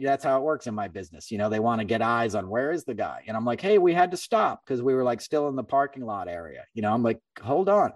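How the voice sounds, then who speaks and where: A middle-aged man hosting a podcast, telling a story in a casual, animated way and acting out other people's lines. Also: mid-range voice, fast talker, hardly any pauses, no echo, far from the mic. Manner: animated, acts out quoted voices. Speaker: podcast host.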